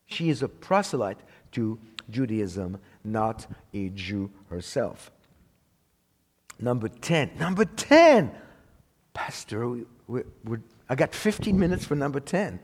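A man's voice: lowish voice, sing-song, measured pace, darkish tone, breathy edge. A middle-aged man giving an emphatic sermon in a church, quoting scripture and often repeating words as he restarts. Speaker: preacher teaching a church audience. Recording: hall with long reverb.

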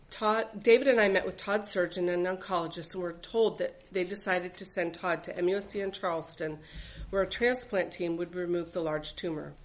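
A woman's voice: lowish voice, noisy background. Earnest woman reading her own memoir. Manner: earnest, reflective, faith-filled. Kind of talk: reading a personal memoir aloud.

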